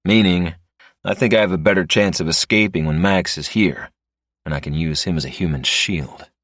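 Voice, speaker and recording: A man tells a first-person story in a deep, low voice with a dry, slightly wry delivery, speaking fairly quickly with a bit of brightness. The recording is close, dead and dry, with no room sound.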